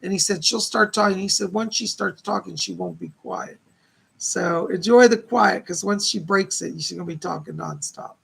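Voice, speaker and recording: Male psychic host, very gravelly and husky, chatty, reads viewer questions and relays spirit messages. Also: high-pitched, normal speed, fairly bright tone. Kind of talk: live-stream psychic readings.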